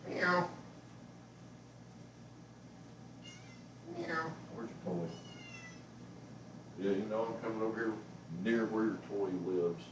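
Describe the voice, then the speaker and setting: Guy rambling on about his cat, lowish voice, roomy sound, mic kinda far off. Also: fairly even intonation, moderate pace. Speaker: pet vlogger. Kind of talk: casual home vlog. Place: living room at home. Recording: roomy, mic at a distance, faint noise.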